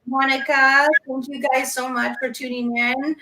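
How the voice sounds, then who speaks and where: A woman talking as a podcast guest in casual conversation, emotional and animated, quick to laugh. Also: high-pitched, echoey room, poor audio.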